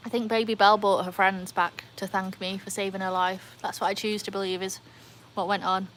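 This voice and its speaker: A woman chats excitedly through a casual livestream, reading and answering comments as she goes. Her voice sits in a middle register. A faint outdoor hum lies underneath. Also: medium pitch, a little fast. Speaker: livestream host. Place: outdoors by a backyard pool. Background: faint outdoor ambience, dogs.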